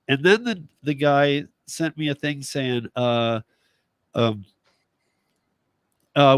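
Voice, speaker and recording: A man in his thirties hosting a casual talk show, telling a story with lively acted-out dialogue. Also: mid-range voice, slow, pauses often, clean tone, dry recording. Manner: animated storytelling, acts out quoted dialogue, laughs often. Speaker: podcast host, rideshare driver. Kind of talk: casual chat.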